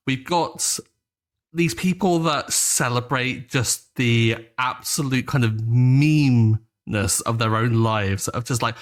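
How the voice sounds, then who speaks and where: A man co-hosting a podcast, explaining things in relaxed, wry casual chat. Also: medium pitch, slow pace. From England. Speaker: podcast co-host.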